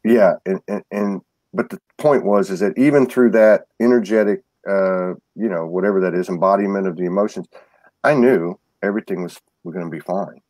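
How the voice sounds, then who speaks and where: A man's voice: sits low, fairly quick, a little mellow, dry recording. A man speaking as a guest in a casual spiritual conversation, telling stories earnestly with many restarts and repeated words. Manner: earnest storytelling.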